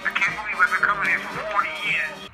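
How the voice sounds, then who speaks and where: A woman voicing her exasperated middle-aged father, with a Brooklyn accent, scolding in a hurried, gruff way. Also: medium pitch, flat delivery, over music, pitched above the performer's own voice, natural voice. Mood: wistful.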